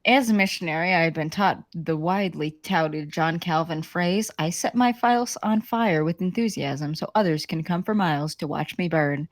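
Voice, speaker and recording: A woman's voice: lowish voice, moderate pace, no room sound. A woman co-hosting a livestream, reading a book aloud and giggling between the passages. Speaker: guest co-host.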